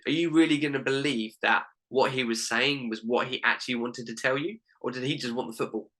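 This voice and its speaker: Earnest young man with a bright voice. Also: medium pitch, brisk, low-quality recording. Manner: earnest and heartfelt, with many "literally" and "like" fillers. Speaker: guest, life coach. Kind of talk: personal story in a podcast interview.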